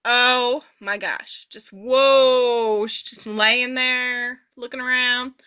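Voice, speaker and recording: A woman voicing a signed personal anecdote as an interpreter, casual and animated, chuckling often. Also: on the high side, very slow, clean tone. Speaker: sign language voice interpreter.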